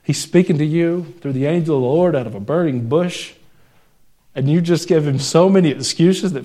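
Speaking at a moderate pace with a dark tone, this young pastor delivers a sermon in a conversational way. He jokes and laughs along with the congregation, raising his pitch and volume to drive points home.

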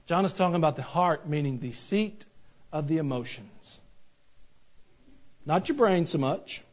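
A man preaching a sermon, animated and joking, with rhetorical questions to the congregation. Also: a little high, a little slow. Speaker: pastor. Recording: dull lo-fi recording.

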